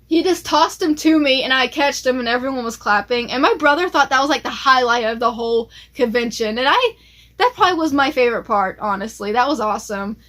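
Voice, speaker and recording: A woman chatting casually and excitedly as she shows off her collection, with plenty of fillers along the way. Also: high voice, brisk. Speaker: collector vlogger. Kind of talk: casual show-and-tell chat.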